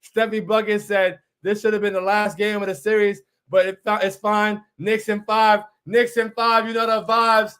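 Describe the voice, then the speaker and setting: A man in his thirties from New York hosts a casual fan stream, reading out viewer messages with a fairly high voice. He is hyped and animated and keeps echoing his own lines. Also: moderate pace, few pauses, smooth. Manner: excited, repeats phrases, reads viewer comments aloud. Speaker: livestream host reading chat. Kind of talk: casual hype chat.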